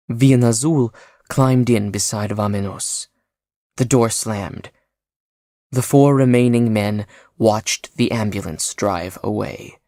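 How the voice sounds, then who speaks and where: Slow, measured woman narrating an audiobook. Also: a bass voice, warm tone, no echo, clean studio sound. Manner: measured, unhurried storytelling. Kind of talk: scripted narration.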